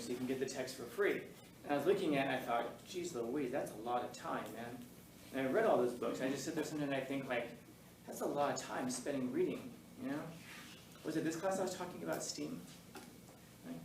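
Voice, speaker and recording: A man's voice: mid-range voice, noisy background. Guy teacher rambling to his class, laughs a lot, echoey room, mic kinda far. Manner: rambling, self-deprecating, laughs often. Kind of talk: classroom talk to students.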